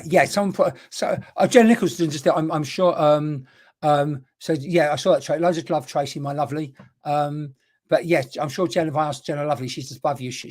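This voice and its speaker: A woman's voice: deep voice, a little mellow. A woman working as a spiritual medium, giving a live-streamed reading in a chatty, repetitive way and greeting viewers by name with endearments.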